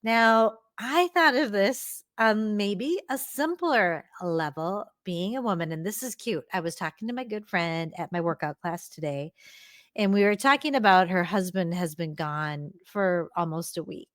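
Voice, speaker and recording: A woman's voice: medium pitch, unhurried, no echo, clean studio sound. Earnest woman hosting a solo podcast. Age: middle-aged. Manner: earnest, encouraging, addresses listeners as sweethearts. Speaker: podcast host.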